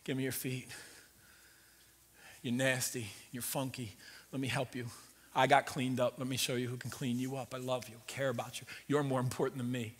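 A man acting out a loving male teacher who speaks softly and tenderly during a sermon, in a reverberant church. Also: mid-range voice, level tone, moderate pace, pitched below the performer's own voice, lightly acted. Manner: soft, tender, pleading.

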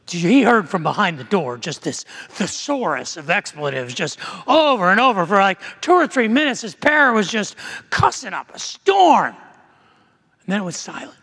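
A man's voice: high voice, creaky, pushed and bright, breathy edge. A male pastor preaching a sermon in a conversational storytelling way, with frequent restarts. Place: church sanctuary. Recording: long church reverb.

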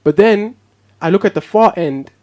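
A young man from South Africa chats as a podcast guest, with a voice that sits a bit high for a man. He tells his story in an animated way, laughs a lot, and slips into the voices of the people in it. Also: moderate pace. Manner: animated, laughs often, acts out what people said. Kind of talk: casual storytelling chat.

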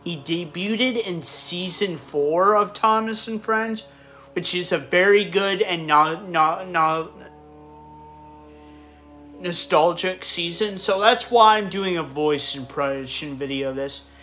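A man's voice: high-pitched, takes it slowly, pushed and bright, faint music behind. A man talking casually to camera as a video creator, rambling and stumbling over his words. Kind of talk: casual vlog talk.

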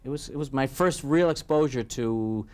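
A comedian around fifty from New York, chatting as an interview guest and telling animated stories. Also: male voice, mid-range voice. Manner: animated storyteller, slipping into quick voices. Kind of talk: casual interview chat.

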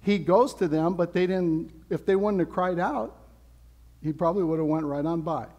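A man's voice: fairly high pitch, normal speed, warm tone, lo-fi sound. A man preaching a sermon as pastor, in a casual, conversational way with playful asides. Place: church sanctuary. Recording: long hall reverb.

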